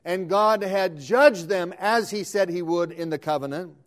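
High-voiced earnest male preacher. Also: measured pace. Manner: earnest, calling out scripture verse by verse with emphatic "O Lord"; restarts and corrects words as he goes. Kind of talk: sermon.

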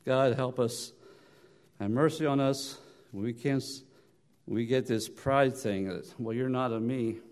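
A man preaching a sermon in church, telling stories with halting restarts, rising loud on his points and then dropping soft. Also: mid-range voice, clear, resonant tone. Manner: halting restarts and repeated words.

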